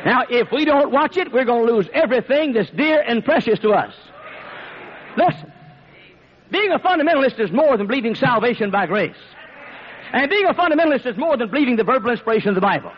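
A man preaching a sermon in an emphatic, repetitive way that rises to shouts, on a dull lo-fi recording. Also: very high-pitched, lively intonation, fast, slight background noise.

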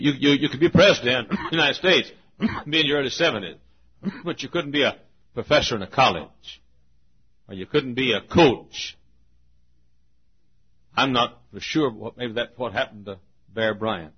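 A man preaching a sermon as a pastor, telling a story with frequent throat clearing and phrases he restarts. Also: medium pitch, a little slow, pauses often, lo-fi sound.

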